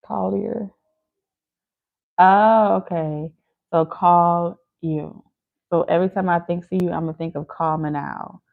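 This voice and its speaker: A woman's voice: fairly low pitch, steady tone, a little slow, gravelly. A woman chatting casually and teasingly with viewers on a live stream, laughing easily. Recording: phone-like lo-fi audio.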